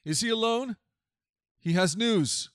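A man reading as an old king in grief, his cries stretched out and rising high above the reader's usual voice. The sound is close and dry, with no room around it. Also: lively intonation, normal speed, no room sound, lightly acted. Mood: urgent. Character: grieving old king, father mourning his son.

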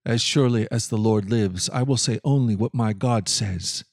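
A man's voice: on the low side, normal speed, darkish tone, no echo, studio quality, pitched below the performer's own voice, close to an everyday voice. A man voicing a stern, unyielding prophet in a scripted Bible reading, solemn and firm.

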